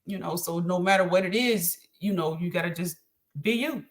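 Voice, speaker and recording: A middle-aged woman with a lowish voice talks at a moderate pace as a podcast guest, the host's mother. The chat is casual, and she speaks earnestly about faith and encouragement with frequent ums.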